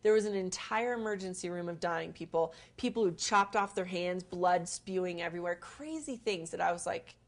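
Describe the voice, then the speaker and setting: A woman's voice: lowish voice, normal speed, hardly any pauses. A woman who works as a humanitarian aid volunteer, candidly retelling her experiences with vivid, urgent emphasis. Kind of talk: candid personal storytelling.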